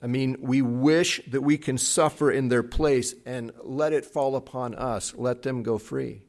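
A man preaching a sermon, retelling a Bible story with dramatic swings between loud acted quotes and soft, hushed passages. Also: medium pitch, steady tone, measured pace. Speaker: pastor.

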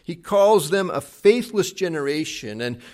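A man preaching a sermon, retelling a Bible story with dramatic swings between loud acted quotes and soft, hushed passages. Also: a little high, expressive, a little slow. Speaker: pastor.

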